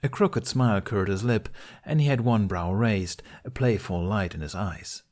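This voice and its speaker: A man narrating a fan fiction podfic with measured storytelling. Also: fairly low pitch, a little mellow.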